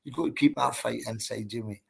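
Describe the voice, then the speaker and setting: A man's voice: medium pitch, steady tone, a little fast, gravelly, slightly rough. A man, a boxer telling his story in a casual interview, blunt and emphatic, swearing and calling the listener mate and bro.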